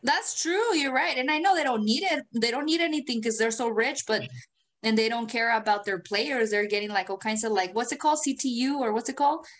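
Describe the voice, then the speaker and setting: Woman podcast co-host, casual chat, animated and swearing, mid-pitched. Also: brisk. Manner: animated, profane storytelling with frequent laughter.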